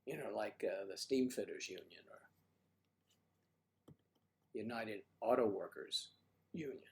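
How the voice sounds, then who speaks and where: An older man with a husky voice and a cold, chatting casually as a livestream host, rambling and joking with his viewers. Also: fairly low pitch, a little slow. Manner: rambling and joking, talks to chat. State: has a cold.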